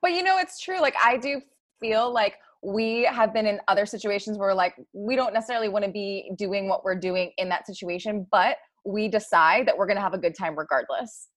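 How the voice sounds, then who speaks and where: A woman's voice: medium pitch, a little fast. A woman chatting casually with her partner as podcast co-host, laughing easily and saying "like" a lot.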